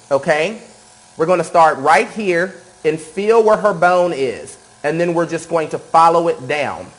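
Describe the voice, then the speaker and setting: A man's voice: fairly high pitch, poor audio. A man giving a live makeup tutorial, enthusiastic and repetitive, often checking in with "okay?". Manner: enthusiastic, repeats cues and says okay often. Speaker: makeup artist demonstrating airbrush.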